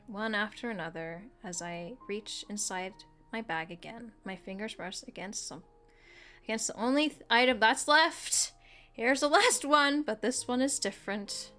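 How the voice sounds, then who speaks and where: Woman softly reading a game's story. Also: mid-range voice. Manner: reads story text aloud in a soft, level voice. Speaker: gaming streamer.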